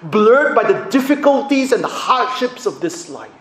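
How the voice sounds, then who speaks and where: A man preaching a sermon in an auditorium, swinging between loud emphasis and hushed, drawn-out phrases. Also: extremely high pitch, big pitch swings. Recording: roomy echo, faint background noise.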